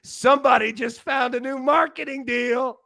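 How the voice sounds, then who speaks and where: High, joking sports betting host. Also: male voice, moderate pace, gravelly, a little hiss or hum. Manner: energetic, joking, rambling. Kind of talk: casual sports betting chat.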